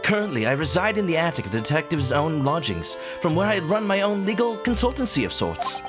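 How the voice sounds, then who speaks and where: A man's voice: on the high side, big pitch swings, fast, music in the background, pitched above the performer's own voice. A man voicing an earnest young male law student who speaks English with a light Japanese accent. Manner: earnest, formal.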